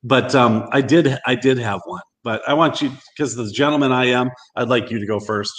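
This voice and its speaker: A man co-hosting a casual chat, relaxed and agreeable. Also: mid-range voice, moderate pace, big-room sound.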